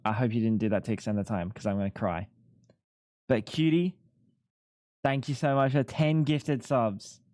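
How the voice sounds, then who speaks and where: A man's voice: mid-range voice, fairly even intonation, normal speed, long pauses, a little mellow, no room sound, clean studio sound. A young man streaming live, chatting casually and rambling, swearing freely as he thanks viewers. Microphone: headset.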